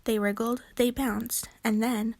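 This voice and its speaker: A woman narrator reads a children's book aloud, unhurried, clear and expressive in her storytelling. Her fairly high voice is recorded close and dry, with no room sound.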